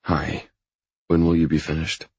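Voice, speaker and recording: A man reading an audiobook, voicing an anxious young woman in a quiet, breathy tone. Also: flat delivery, a little slow, no echo, dull audio, exaggerated voice. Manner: quiet, breathy, softly raised pitch.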